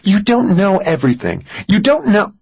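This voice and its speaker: Guy doing a scared psychic lady, way higher, husky, tense and loud. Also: huge pitch swings, slow, no echo, heavily acted. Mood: pleading. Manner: pitch jumps high and loud when pleading. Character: frightened psychic woman, tense and shrill.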